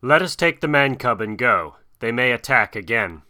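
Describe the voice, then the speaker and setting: A proud male panther, winded and stern after a fight, as a man reading a storybook puts him on. The voice is bright and crisp in a dry space. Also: medium pitch, lively intonation, moderate pace, no echo. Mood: gasping. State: out of breath.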